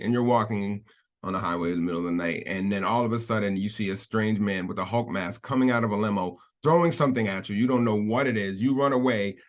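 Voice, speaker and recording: A man giving casual, indignant commentary in a video. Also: fairly low pitch. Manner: indignant, talking things through. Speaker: YouTube commentator.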